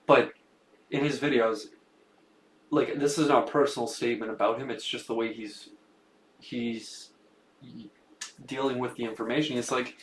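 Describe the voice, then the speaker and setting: A man's voice: mid-range voice, fairly even intonation, normal speed, long pauses. Man chatting loosely in a roomy echo. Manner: loose, hesitant, many fillers. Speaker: podcast co-host. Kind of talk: casual podcast conversation. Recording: roomy echo with faint hum.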